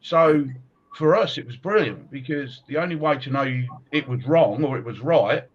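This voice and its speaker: A middle-aged man hosting a podcast, chatting casually and telling animated stories with frequent laughs. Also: medium pitch, normal speed, dull audio. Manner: animated storyteller, laughs often. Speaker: podcast host, martial arts coach. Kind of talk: casual chat.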